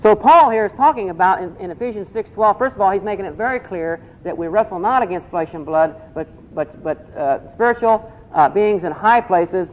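A man's voice: sits high, lively intonation, fairly quick, hardly any pauses. A man preaching a sermon, asking the congregation questions and repeating key phrases. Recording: dull lo-fi recording.

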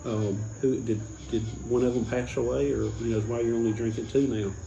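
A man's voice: mid-range voice, level tone, fairly quick, gravelly, mellow, highs cut off, natural voice. Man doing a curious bartender, fake Australian accent, echoey room, faint hiss. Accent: mock Australian, put on. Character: bartender at a pub, curious and polite.

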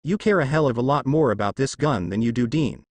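A grim hunter father, as a man reads him, blunt and determined. Lively pitch, dry close sound. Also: a little fast, no room sound, natural voice.

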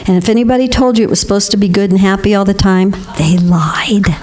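A woman's voice: mid-range voice, very fast, crowd noise. Laughing older woman giving a talk. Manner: warm storytelling with frequent laughter. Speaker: guest speaker. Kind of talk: spiritual talk to a congregation.

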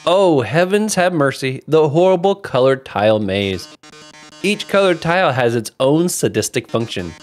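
A man's voice: fairly high pitch, expressive, moderate pace, faint music behind, natural voice. A man voicing a flamboyant male robot TV star, a theatrical villain who melodramatically drawls "darling" at everyone. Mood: gloating.

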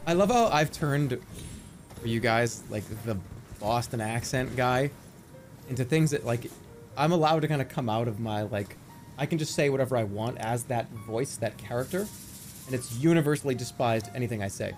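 A man's voice: mid-range voice, normal speed, faint music behind. A man chatting casually and rambling while streaming a video game. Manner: loose, rambling, many fillers. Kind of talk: casual stream chat over gameplay.

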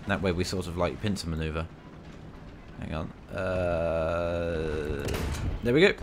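A man giving excitable, casual commentary over a tank game, bantering at enemies with mock outrage. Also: low-pitched, slow pace, noisy background. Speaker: gaming video creator.

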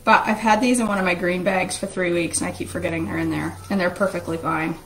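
A woman's voice: on the low side, fairly even intonation, fast, fairly bright tone, poor audio. Chatty woman in her kitchen. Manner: chatty, jokey, talks to viewers while cooking. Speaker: vlog host making a shake. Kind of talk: casual live-stream chat. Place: home kitchen. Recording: home kitchen recording with clear background noise.

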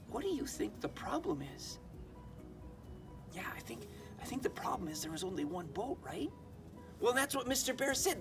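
A man telling a Bible story to children, animated and often doubling back on his words. His voice is very high for a man, and a clear music bed plays behind him. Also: normal speed, pauses often, distant mic.

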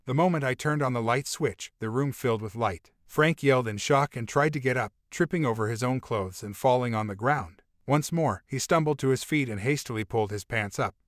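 A man's voice: medium pitch, a little fast, few pauses, no echo. Man narrating a story, dry and close. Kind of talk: first-person storybook narration.

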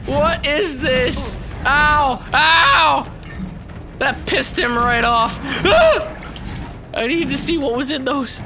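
A man giving loud, profane let's play commentary, reacting to the game with excited yelling. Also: extremely high pitch, slow pace. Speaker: gaming YouTuber. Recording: game music behind voice.

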